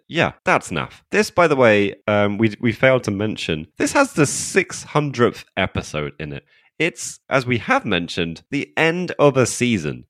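A man with a lowish voice co-hosts a podcast, talking bluntly and swearing freely as he reviews. The sound is dry and close, with no room around it. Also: fairly bright tone, dry recording. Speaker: podcast co-host. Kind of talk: casual review chat.

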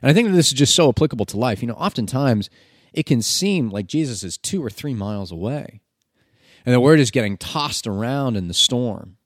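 A man's voice: mid-range voice, expressive, a little fast, no room sound, clean studio sound. A man reading scripture and then preaching about it in an earnest, conversational way, with filler words.

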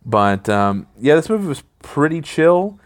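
A middle-aged father co-hosting a casual podcast with his daughter, rambling and halting with many fillers. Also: a little high, very animated.

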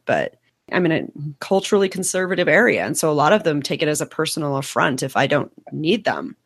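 A woman's voice: low voice, lively intonation, fast, no room sound, studio quality. A woman and single mother talking candidly about dating in a casual chat, often laughing. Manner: candid, laughing, quotes others in voices. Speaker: podcast guest, single mom.

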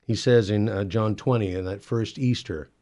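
A man's voice: on the low side, normal speed, warm tone. A middle-aged man hosting a Catholic talk show in a studio, a little out of breath, teaching earnestly with many fillers. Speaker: Catholic radio show host. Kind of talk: faith talk show monologue. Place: broadcast studio.

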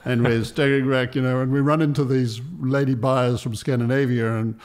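A man from New Zealand, a film director and producer, telling lively stories in an interview and acting out other people's lines. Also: mid-range voice, brisk. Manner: animated anecdotes, acts out other people's lines. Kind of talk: interview storytelling.

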